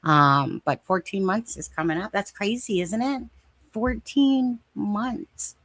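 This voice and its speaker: Low, dry-voiced woman co-host, casual and rambling, repeats points for emphasis. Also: animated, normal speed, a bit bright, no echo. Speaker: podcast co-host. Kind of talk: casual true crime discussion.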